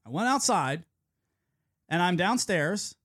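Animated man telling a rambling story. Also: sits high, slow pace. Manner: animated storyteller, lots of swearing and quoting others. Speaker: radio show host. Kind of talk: casual chat.

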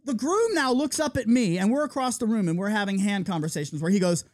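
A man's voice: sits high, fast. A man, a wedding DJ, telling a story on a casual podcast and acting out the quoted dialogue. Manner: animated, acts out quoted dialogue.

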